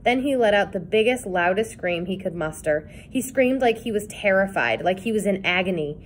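Woman narrator, read-aloud kids' book, expressive. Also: medium pitch, moderate pace, a little hiss or hum. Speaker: reader.

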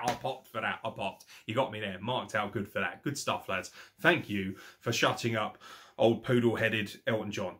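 A young man giving casual, sweary, sarcastic commentary as a wrestling reaction host. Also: lowish voice. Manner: sweary, sarcastic, animated rants.

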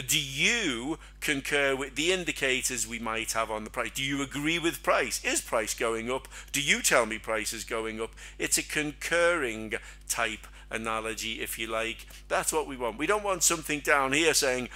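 A man's voice: mid-range voice, pushed and bright. A middle-aged man hosting a trading webinar in a casual teaching chat, talking chattily with lots of rhetorical questions. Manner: chatty, asks rhetorical questions, acts out silly quoted voices.

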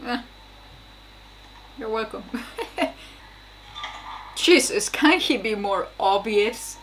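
A woman's voice: mid-range voice, animated, very slow, fairly bright tone, slight background noise. A young woman casually reacting aloud to a TV episode, exclaiming, swearing and laughing between remarks. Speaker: reaction video host.

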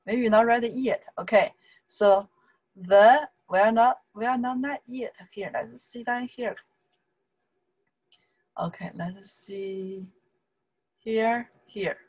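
Slow-talking Chinese-accented woman teacher. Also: a little high, a little mellow, low-quality recording. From China. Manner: chatty, repeats words slowly for learners, laughs often, broken English. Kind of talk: casual online language lesson.

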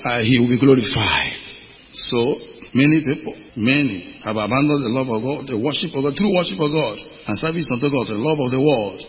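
A man's voice: medium pitch, lively intonation, brisk, a little hiss or hum. A man from Nigeria preaching a sermon as pastor, with emphatic questions thrown to the congregation. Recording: muffled audio with long hall reverb.

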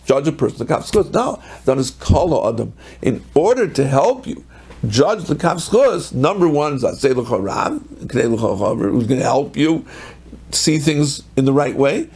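A middle-aged man, a rabbi, giving a Torah lecture and telling a story in a lively way, mixing in Hebrew and Yiddish terms. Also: mid-range voice, normal speed, husky.

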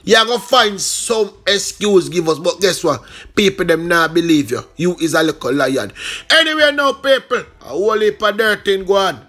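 A man's voice: high-pitched, animated, normal speed, pushed and bright. A Jamaican man hosting a casual news commentary show, chatty and talking straight to his viewers.

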